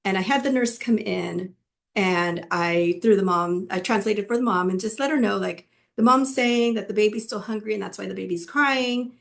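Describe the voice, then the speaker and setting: A woman's voice: mid-range voice, moderate pace, gravelly. A middle-aged woman from California telling her personal story to students in a conversational way, with frequent fillers and restarts. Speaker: physician assistant and educator.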